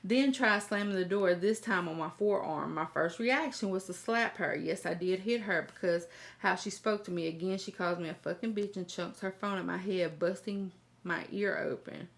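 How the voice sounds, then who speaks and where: A woman's voice: fairly low pitch, moderate pace, creaky. A woman host reading a viewer's email aloud and reacting in a blunt, profane, chatty way, talking straight to her viewers.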